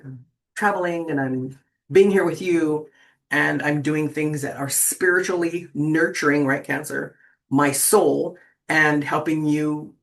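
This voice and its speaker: A person in their sixties hosting a tarot channel, chatting casually and rambling with lots of fillers and restarts, and often checking in with "right?". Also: medium pitch. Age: 60s. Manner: rambling, keeps asking "right?". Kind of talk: casual spiritual talk to viewers.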